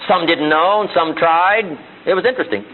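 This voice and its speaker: On an old archival recording, a man delivers a live motivational seminar speech to an audience in a seminar room, hammering home his points with emphatic rhetorical questions and repetition. His voice is a little high and a little fast. The audio is narrow and tinny, with slight background noise.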